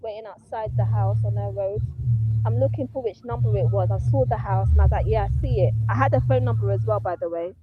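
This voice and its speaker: A woman's voice: medium pitch, a little fast. Blunt woman ranting a story, tinny sound, hissy background. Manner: fiery, blunt, swears freely. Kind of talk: animated storytelling chat.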